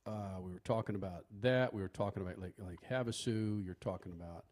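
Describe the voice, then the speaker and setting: A man's voice: lowish voice, brisk, darkish tone. A man co-hosting a casual chat, prompting others with questions and jokes, with some mild swearing. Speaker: co-host.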